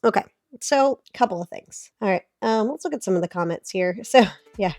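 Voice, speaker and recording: A woman's voice: mid-range voice, lively intonation, fairly quick, a little mellow, faint music behind. A woman in her thirties, talking with a sick voice, gives chatty reaction commentary on fitness advice as a vlogger. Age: 30s. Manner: chatty, explanatory, filler-heavy.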